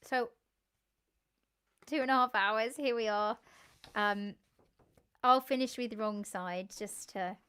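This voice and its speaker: A young woman, a musician, chatting casually and warmly with her live stream viewers, laughing often and thanking them by name. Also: fairly high pitch, slow pace, long pauses, clean tone.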